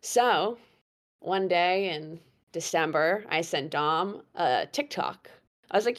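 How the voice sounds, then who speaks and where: Chatty young woman, lowish voice. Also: slow. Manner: animated, laughing, chatty with many fillers. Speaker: guest storyteller. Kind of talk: casual storytelling chat.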